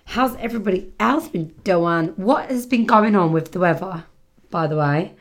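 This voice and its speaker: A woman's voice: on the low side, moderate pace. A British woman hosting a casual solo podcast, chatting in a rambling way, full of fillers and self-corrections. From Britain. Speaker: podcast host. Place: home setting near the seaside.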